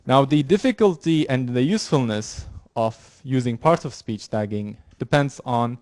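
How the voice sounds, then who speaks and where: A man's voice: mid-range voice, darkish tone, dry recording, studio quality. A man lecturing a university class, explaining with frequent fillers, repeated words and restarts. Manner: halting, many fillers and restarts. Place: lecture room.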